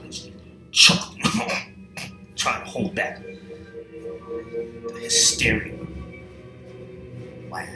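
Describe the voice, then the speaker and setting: A man telling a comedic horror tale, profane and exasperated, dropping to hushed whispers and then bursting into shouts. His delivery is slow with a lively, swooping pitch. The recording is roomy and a bit distant, with music underneath. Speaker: storyteller. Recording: echoey room, distant mic, music behind.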